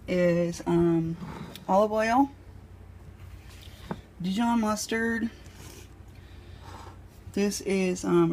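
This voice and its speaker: A woman talks through her lunch prep in a home kitchen, rambling and full of ums. Her voice sits a little low, and a faint hum of the room comes through underneath. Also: a little mellow. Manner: chatty and rambling, many ums. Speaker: home cook vlogger. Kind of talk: casual chat while cooking.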